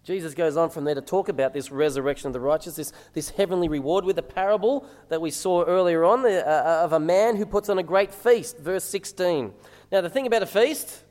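A male minister delivers a sermon in a relaxed, conversational way, often asking the congregation rhetorical questions. His voice sits a little high for a man. The sound carries the long reverb of a large church hall. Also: fairly quick.

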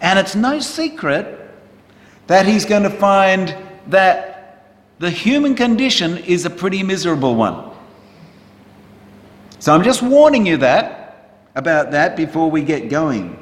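A man's voice: high-pitched, big pitch swings, unhurried, pauses often. A man preaching a sermon in church, chatting with the congregation and asking them questions in a conversational way. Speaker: pastor. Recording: roomy church hall reverb.

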